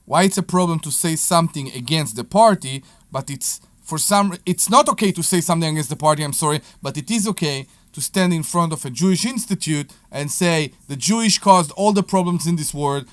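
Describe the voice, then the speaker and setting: A man's voice: fairly high pitch, moderate pace, hardly any pauses, no room sound. A male radio co-host speaking earnestly, with slightly non-native grammar. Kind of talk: call-in talk radio.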